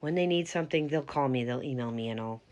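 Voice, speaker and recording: A woman's voice: a bass voice, fast, darkish tone, lo-fi sound. A woman voicing a rude, spoiled young woman who manages events, snippy and dismissive. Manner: snippy, dismissive, eye-rolling.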